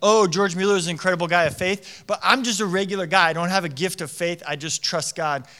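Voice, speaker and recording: High, bright-voiced chatty young preacher. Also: male voice, quick pace. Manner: animated storytelling with frequent "like" fillers. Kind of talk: conversational sermon.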